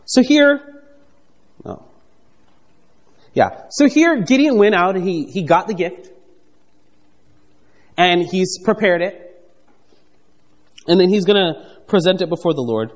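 A man preaching a conversational, animated sermon, reading scripture and acting out the characters with playful asides. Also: high-pitched, a little slow, pauses often, in a large hall. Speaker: pastor.

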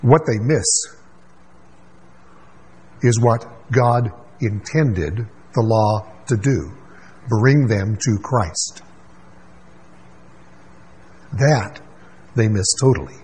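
Male pastor, husky voice, emphatic sermon delivery with quick asides. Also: lowish voice, expressive, a little mellow, low-quality recording.

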